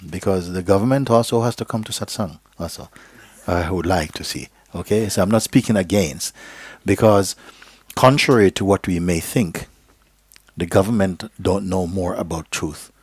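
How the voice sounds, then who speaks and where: Slow and gentle, a very low, husky male voice leads a live spiritual teaching in a gathering hall, at times sinking to a soft whisper. He checks in with listeners by asking "okay?" and "you see?". The sound is dry and close, with no room sound.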